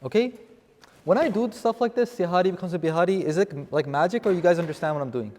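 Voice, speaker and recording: A man's voice: high voice, fast talker, darkish tone. A man teaching a seminar on scripture vocabulary to a live class, explaining terms and often checking with "okay?". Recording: long reverb in a hall.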